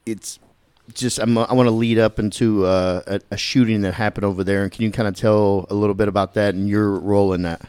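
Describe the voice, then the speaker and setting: A man's voice: fairly low pitch, fairly even intonation, fairly quick, hardly any pauses, a little mellow, clear, resonant tone, no room sound. A man hosting a podcast, asking a guest questions with some hesitation. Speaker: podcast host. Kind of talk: casual interview questions.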